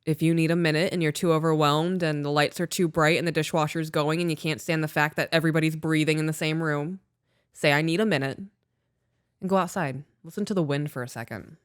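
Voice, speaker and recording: Smooth-voiced woman talking frankly. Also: low-pitched, steady tone, fast, no room sound, clean studio sound. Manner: frank, emotional, swears freely. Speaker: podcast co-host. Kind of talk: candid casual chat.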